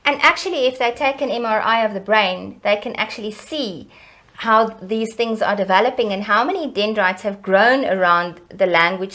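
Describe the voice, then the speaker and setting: A middle-aged woman educator, explaining child development in a lively, teacherly way in an interview. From South Africa. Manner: animated, teacherly, varies pitch and loudness for emphasis.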